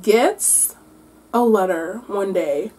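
A woman doing a mukbang-style book wrap-up, animated and exclamatory as she talks between bites. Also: medium pitch, extremely slow, breathy edge, soft background music. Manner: animated, exclamatory, talking while eating. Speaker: book vlogger.

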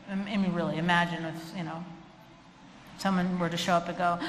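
A woman lecturing to an audience in a big hall, her voice ringing with a long echo. She is lively and funny, and she slips into little acted-out voices to make her points. A faint room hum sits behind her. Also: on the low side, moderate pace. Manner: animated, acts out quoted voices with humor. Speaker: animal behavior lecturer. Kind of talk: humorous live lecture.

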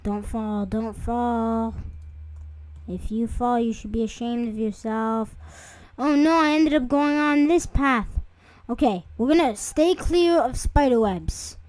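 Slow and a little high, with a slightly mellow tone, this young woman's voice comes through a dry recording. As a gaming video creator, she chats with viewers while playing, jumpy and quick to let out startled squeals in her casual commentary.

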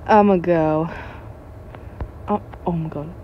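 A woman's voice: fairly low pitch, fairly even intonation, takes it slowly, dull audio, a little hiss or hum. A woman YouTuber giving casual gameplay commentary, jumpy and giggly with frequent startled exclamations.

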